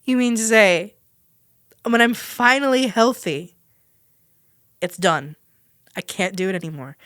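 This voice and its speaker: A young woman hosts a podcast and tells a personal story in a chatty, self-deprecating monologue, laughing frequently. Her medium-pitched voice is fairly bright and measured, recorded at studio quality with no room sound.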